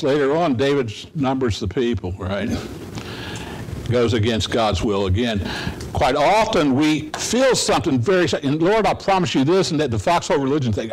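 A man preaching in a relaxed, conversational way, his voice sitting at a middle pitch. He keeps asking the congregation rhetorical questions. A faint hiss of background noise runs under the recording. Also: rough recording. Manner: conversational, asks the audience rhetorical questions with "right?"; acts out pleading voices in quotes. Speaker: pastor. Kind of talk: sermon.

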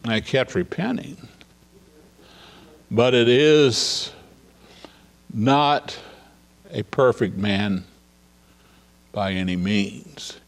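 A man leads an informal Bible study, chatting through scripture scenes and paraphrasing the dialogue in a conversational way. He asks his listeners rhetorical questions and chuckles, speaking at medium pitch, extremely slowly, with long pauses.

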